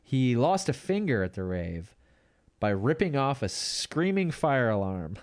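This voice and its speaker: A man hosting a podcast in casual comedic chat, laughing mid-sentence and letting his sentences trail off quietly. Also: mid-range voice, sing-song, measured pace. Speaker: podcast host.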